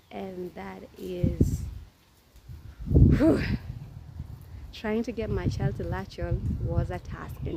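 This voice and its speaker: A woman's voice: medium pitch, gravelly. Chatty young mother in a noisy room. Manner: chatty, addresses viewers directly. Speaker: mother telling her birth story. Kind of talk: casual storytelling vlog.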